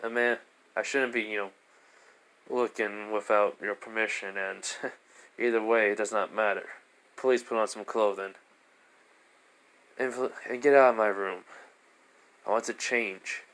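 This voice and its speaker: A man voicing a stiffly formal, polite young man in a fan story, speaking low-key and clipped. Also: steady tone, measured pace, pauses often, fairly bright tone.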